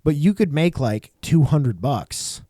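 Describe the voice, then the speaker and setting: A man's voice: a little high, sing-song, takes it slowly, mellow, no room sound, studio quality. A man chatting on a podcast, telling an anecdote and cracking sarcastic jokes. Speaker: podcast co-host. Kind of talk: casual chat.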